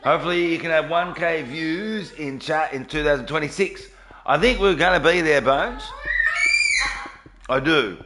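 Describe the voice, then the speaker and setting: A man's voice: on the high side, moderate pace, a bit bright, shouting. A man live-streaming a game from his home studio, chatting casually and greeting viewers by name.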